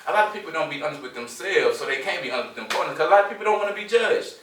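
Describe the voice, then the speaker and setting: Fast, bright-voiced man in an echoey room. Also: a little high, a little hiss or hum. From Houston, Texas. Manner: animated storyteller acting out quoted dialogue. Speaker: podcast co-host. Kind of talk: casual group chat. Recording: echoey room, mic at a distance.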